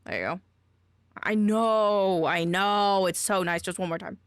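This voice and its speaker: A woman's voice: medium pitch, steady tone, measured pace, no room sound. A woman streamer chatting casually, goofy and exclamatory, often swearing and trailing off mid-sentence. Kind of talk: casual live-stream chat.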